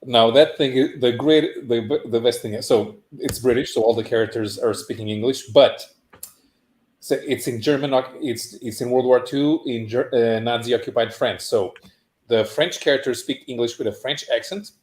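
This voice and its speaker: A man's voice: medium pitch, moderate pace, a little mellow. Man explaining at length, echoey room. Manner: long explanations with many restarts. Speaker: podcast panelist. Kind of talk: casual chat.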